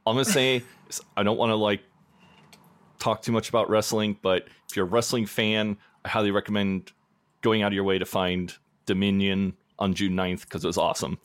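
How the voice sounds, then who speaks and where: Guy with a low voice rambling on a podcast, laughs a lot, dry close sound. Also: steady tone, brisk, dry recording. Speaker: podcast host. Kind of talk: casual chat.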